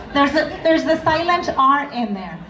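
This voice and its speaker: A woman with a high voice and big pitch swings speaks at a measured pace, recorded from far off in an echoey, crowded bar full of crowd and background noise. She's emceeing a live contest there, keeping up upbeat, playful banter.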